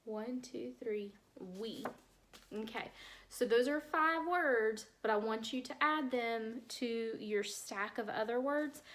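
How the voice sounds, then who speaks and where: Slow, encouraging woman teaching phonics. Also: on the high side, a bit bright, a little hiss or hum. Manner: slow, clear sounding-out of word parts, encouraging. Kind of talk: phonics lesson for children.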